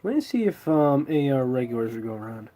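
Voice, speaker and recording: A man's voice: mid-range voice, big pitch swings, fast talker, dark tone. A man with a stuffy nose from a cold, chatting in a laid-back way with viewers as host of his live stream. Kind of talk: casual live stream chat.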